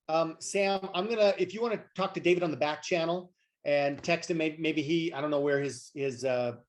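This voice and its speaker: Joking man hosting a video call. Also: fairly high pitch. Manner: loose, joking, fills pauses with uh and um. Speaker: host of an online training call.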